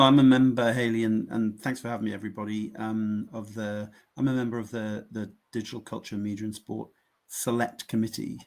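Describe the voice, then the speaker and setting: A middle-aged man from the United Kingdom, a member of parliament, explaining committee work in a measured conversational way with some restarts. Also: lowish voice, darkish tone. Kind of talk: conversational interview answers.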